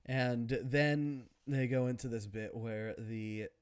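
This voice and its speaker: A man's voice: mid-range voice, steady tone, slow pace, smooth, no room sound, clean studio sound. A man giving casual, sardonic commentary on a TV episode, with many fillers and restarts. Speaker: video commentator.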